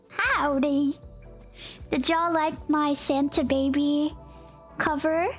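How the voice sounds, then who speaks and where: A young woman streaming from home, chatting casually with her chat in a bubbly way, gasping, giggling and greeting everyone with a howdy. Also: high voice. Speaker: livestreamer. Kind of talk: casual livestream chat, reading chat.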